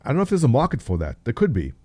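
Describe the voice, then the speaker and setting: A man's voice: medium pitch, wildly swooping pitch, rapid-fire, warm tone, no echo. A man in his thirties, host of a livestream, chatting casually and jokingly, answering viewers by name. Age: 30s. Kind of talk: casual chat with live chat readers.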